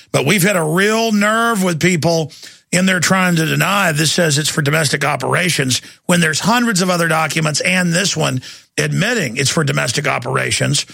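A male talk radio host with a high, bright and gravelly voice that has a husky edge. He rants with biting sarcasm and heavy emphasis. The sound is dry and close, with faint music underneath. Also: no echo.

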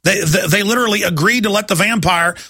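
A man hosting a call-in radio show, talking in a combative, ranting, rapid-fire way from a studio. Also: high voice, pushed and bright, husky, dry recording. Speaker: talk radio host. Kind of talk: heated call-in radio talk.

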